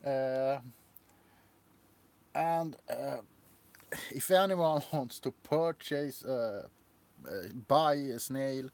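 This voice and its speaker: Slow, giggly man on a livestream. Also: medium pitch, a little mellow. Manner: giggly, rambling. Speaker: livestream host. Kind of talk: casual livestream chat.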